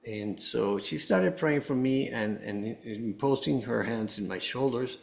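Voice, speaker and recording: Speaking at a measured pace, this man has a mid-range voice with vocal fry. As a guest and cancer survivor, he earnestly recounts his experience to a host, drifting around and restarting sentences often.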